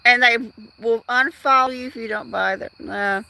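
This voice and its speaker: A woman's voice: fairly high pitch, moderate pace, creaky, bright, forceful tone. A woman hosting a casual outdoor livestream at dusk, rambling chattily and talking straight to her viewers. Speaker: livestream host.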